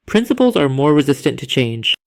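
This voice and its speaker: A man speaking as a psychologist in scripted narration, with a measured, didactic lecturing manner. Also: fairly high pitch, big pitch swings, gravelly, dry recording, studio quality.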